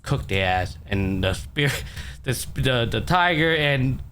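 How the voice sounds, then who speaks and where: Man, podcast host, casual recap, profane, filler-heavy, mid-pitched voice, faint background noise. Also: animated, a little slow, a bit bright. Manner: loose, profane storytelling with lots of fillers. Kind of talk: casual anime recap chat.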